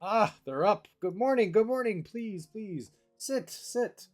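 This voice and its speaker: A man's voice: high-pitched, expressive, slow pace, soft background music, pitched above the performer's own voice. A man voicing a jovial male camp cook who fusses over his guests, repeating his words. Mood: welcoming.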